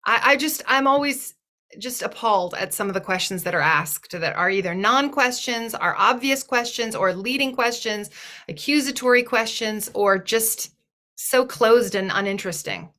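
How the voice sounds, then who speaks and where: A woman guest speaker in a webinar gives a thoughtful, earnest talk, frequently restarting phrases as she works through an idea. Her voice is mid-range with a sharp tone.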